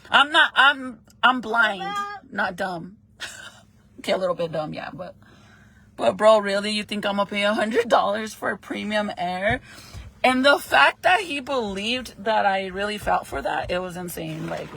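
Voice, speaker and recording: Young woman, casual vlogger, chatty and profane, gravelly tone. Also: medium pitch, a little slow, sharp tone. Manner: chatty, swears freely, laughs often. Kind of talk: casual chat while doing makeup.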